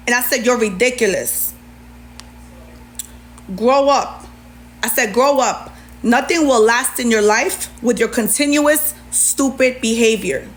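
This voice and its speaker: A woman's voice: on the high side, fairly bright tone. A woman ranting on a livestream, sassy and indignant as she reads out messages and answers back.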